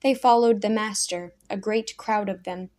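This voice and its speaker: A woman's voice: medium pitch, steady tone, moderate pace, darkish tone, lightly acted. Woman putting on a whiny crippled old man. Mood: whining. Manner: whiny, sighing.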